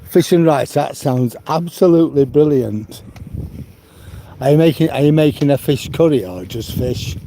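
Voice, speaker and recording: A man's voice: fairly high pitch, normal speed, dark tone. A man, chatting casually and rambling while on a walk outside, often saying "you know". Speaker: live-stream host. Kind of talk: casual chat while walking. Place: outdoors on a rural walk. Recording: outdoor noise with passing vehicles.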